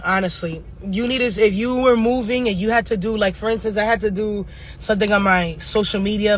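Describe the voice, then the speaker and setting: A woman giving a casual astrology reading who talks bluntly and profanely, going off on fast-ranting tangents. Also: medium pitch, a bit bright. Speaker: astrologer and tarot reader.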